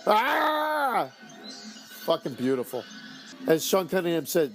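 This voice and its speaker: A man's voice: a little high, lively intonation, brisk, soft background music. A man co-hosting a comedy podcast, giving profane, gushing, jokey commentary while a film plays. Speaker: podcast co-host. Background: film soundtrack playing.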